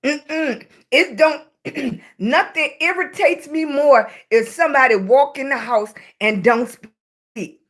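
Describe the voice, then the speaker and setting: A woman's voice: high-pitched, takes it slowly, a bit bright. A woman with a Southern US accent hosting a casual live stream, chatting with viewers, greeting them by name and calling them baby. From Southern United States. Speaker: livestream host. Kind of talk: casual livestream chat with viewers.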